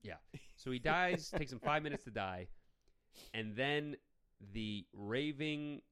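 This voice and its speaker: A man's voice: medium pitch, expressive, takes it slowly, fairly bright tone, clear, resonant tone. A man co-hosting a casual movie review podcast, ranting sarcastically and swearing. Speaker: podcast co-host.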